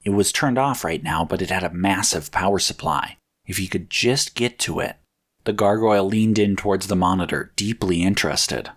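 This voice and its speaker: Man narrating a story in a low voice. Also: normal speed, fairly bright tone. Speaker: audiobook narrator.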